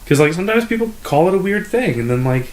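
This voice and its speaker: A young man co-hosting a comedy podcast, telling a rambling story full of "like" and acting out customers in a higher voice. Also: big pitch swings, fast talker. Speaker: podcast co-host. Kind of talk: casual storytelling chat.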